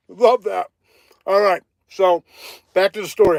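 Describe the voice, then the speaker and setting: Man, live-stream storyteller, chatty, animated, slightly high voice, dry sound. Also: normal speed, no room sound. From Ohio. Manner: animated, chatty, breaks off to greet viewers. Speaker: livestreaming vlogger.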